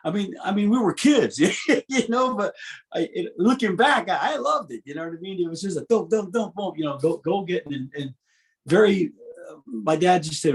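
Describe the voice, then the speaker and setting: Man, 50s, interview guest, storytelling, slightly high voice, animated, restarts, laughs. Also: normal speed. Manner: animated, restarts often, laughs between stories. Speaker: guest musician.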